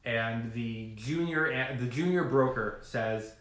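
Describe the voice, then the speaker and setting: A man vlogging to camera about trading, talking in a rambling, animated way full of fillers and asides. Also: medium pitch, takes it slowly, echoey room. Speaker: finance vlogger. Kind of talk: casual talking-to-camera rant.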